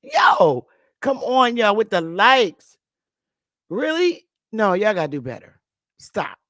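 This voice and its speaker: A woman's voice: medium pitch, huge pitch swings, slow, a bit bright, dry recording, studio quality. A woman hosting a live stream, ranting with emphatic, profane talk and repeating the same rhetorical questions. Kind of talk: heated live-stream rant.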